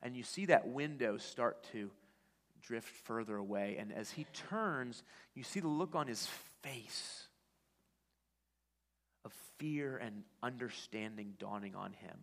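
Male pastor, mid pitch, conversational sermon storytelling, long hall reverb. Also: animated, takes it slowly, gravelly. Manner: conversational storytelling, frequent restarts.

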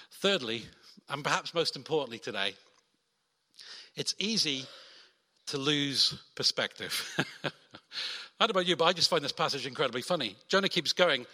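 Man, preacher, bright ringing voice, fairly high, long echo of a hall. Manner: animated, acts out quoted voices. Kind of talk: sermon.

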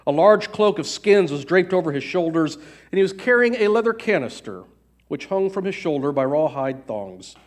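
A man narrating a fairy tale aloud in an even storytelling cadence. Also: fairly high pitch, moderate pace.

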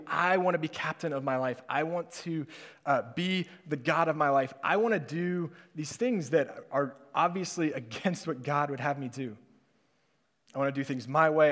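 A man's voice: on the high side, a bit bright. Chatty man preaching in an echoing hall. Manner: conversational storytelling, laughing often, many fillers. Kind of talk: sermon with a personal story. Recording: long hall reverb.

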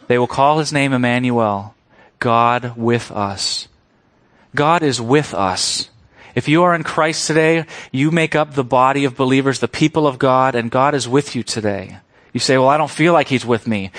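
A man preaching an expository sermon, leaning on key words and asking his listeners questions. His voice sits at an ordinary middle pitch. The sound is close and dry, with little room around it. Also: a bit bright, no echo. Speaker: pastor.

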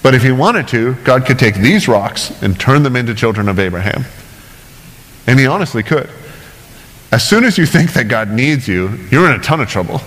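A man preaching a sermon in a relaxed, conversational way, cracking jokes and checking in with the congregation. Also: mid-range voice, normal speed. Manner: conversational, joking, asks "right?" often. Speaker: pastor. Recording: long hall reverb.

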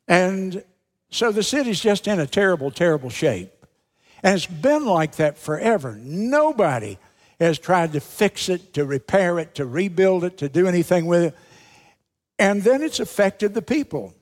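A man with a somewhat high voice delivers a sermon in an easygoing, conversational way, often putting questions to his listeners. His voice rings out with a long reverb, as if spoken in a church sanctuary. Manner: conversational preaching with rhetorical questions. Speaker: pastor.

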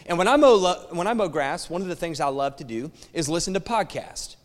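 A middle-aged man preaching from the pulpit, telling stories with animated humor and acting out both sides of his exchanges. His voice sits a little high for a man. It rings with the long reverb of a church sanctuary. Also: brisk. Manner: animated storytelling, acts out quoted exchanges. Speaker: pastor. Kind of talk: sermon.

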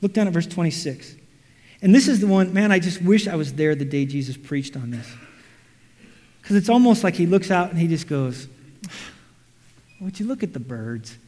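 A man preaching a sermon, animated, acting out quotes and everyday scenes. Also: high-pitched, a little fast. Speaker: pastor. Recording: reverberant hall.

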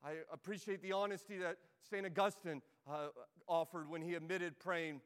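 A male preacher with a high voice, delivering a sermon with direct, emphatic exhortation. Long reverb from the church hall trails each phrase. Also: steady tone, moderate pace, hardly any pauses, smooth.

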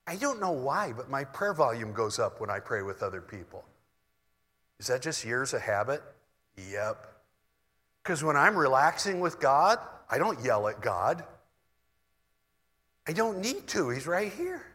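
A man preaching a sermon in a relaxed, conversational way, moving between soft asides and loud bursts. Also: mid-range voice, measured pace, big-room sound. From United States. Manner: conversational, shifts from soft asides to mock shouting.

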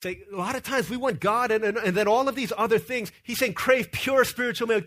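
A young man preaching a sermon, telling stories in an animated way and often repeating words as he starts a sentence. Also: very high voice, brisk, hardly any pauses.

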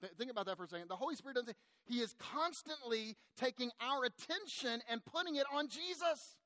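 A middle-aged male pastor delivers a sermon in an easy, conversational way, turning animated as he talks straight to his listeners. His voice sits noticeably high for a man. The sound is dry and close, with almost no room around it. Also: brisk, dry recording. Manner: conversational, animated, addresses the congregation directly.

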